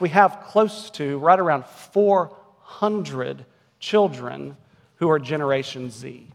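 Earnest pastor in an echoing church. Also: male voice, a little high. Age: 40s. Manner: earnest, rising to emphatic peaks. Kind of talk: sermon. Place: church sanctuary. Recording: long reverb of a church hall.

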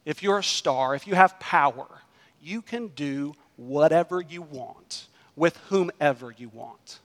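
A man's voice: on the high side, animated, measured pace. Emphatic male pastor preaching in a hall. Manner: emphatic preaching, rising and dropping in volume. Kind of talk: sermon. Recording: long hall reverb.

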